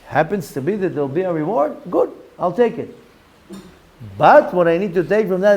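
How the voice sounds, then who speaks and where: A rabbi gives an animated storytelling lesson, acting out the voices of the figures he quotes. He is a middle-aged man with a slightly higher voice. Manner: animated storyteller, acts out quoted voices, mixes Hebrew terms. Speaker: rabbi teaching Kabbalah.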